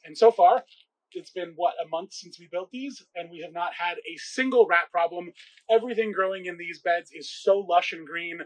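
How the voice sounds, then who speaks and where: A man's voice: high voice, moderate pace, rough recording. A man co-hosting a gardening vlog, explaining a project in a chatty, self-mocking, jokey way. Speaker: co-host. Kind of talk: casual DIY gardening vlog.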